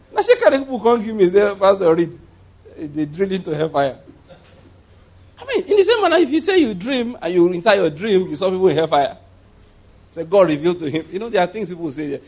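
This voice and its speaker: A man's voice: on the high side, darkish tone. A man preaching a conversational sermon as pastor, rambling through asides and chuckling often.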